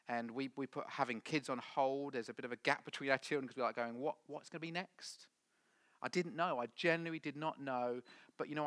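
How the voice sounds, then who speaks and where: Bright-voiced preacher. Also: male voice, medium pitch, dry recording. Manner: swings from loud emphatic preaching to hushed whispers. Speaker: pastor. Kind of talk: sermon.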